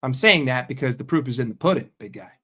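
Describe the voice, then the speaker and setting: A man's voice: mid-range voice, expressive, quick pace, fairly bright tone. An American man in a sarcastic, combative rant on a fan stream, swearing often. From United States. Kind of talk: ranting live stream.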